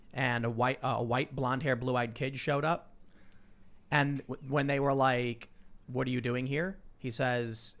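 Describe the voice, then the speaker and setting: A man's voice: mid-range voice, fairly bright tone. A man hosting a podcast, chatting casually and reading viewer messages aloud. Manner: quick, conversational, uses fillers. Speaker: podcast host.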